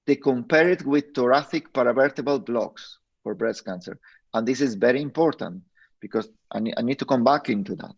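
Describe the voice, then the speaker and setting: A male lecturer with a gravelly, creaky voice explains slides to his listeners and speaks to them directly. He halts often, breaking off words and starting phrases again. The sound is dull and lo-fi, like streamed audio. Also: mid-range voice, darkish tone. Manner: halting, restarting phrases mid-word. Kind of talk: online medical lecture.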